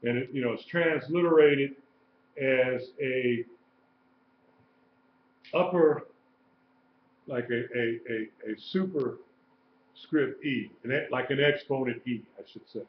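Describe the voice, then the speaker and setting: Slow, patient man teaching in a roomy class. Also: medium pitch, slight background noise. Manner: patient, repeats terms and spells them out. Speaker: Hebrew teacher. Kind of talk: classroom lecture, live-streamed. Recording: roomy, dull lo-fi live stream.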